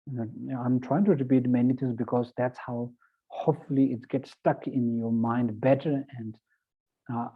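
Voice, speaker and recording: Male dharma teacher, Tibetan accent, halting with restarts, slow deliberate recitation; phone-thin sound, mid-pitched voice. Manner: halting, with many fillers and restarts. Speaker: Buddhist teacher. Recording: tinny phone-like audio.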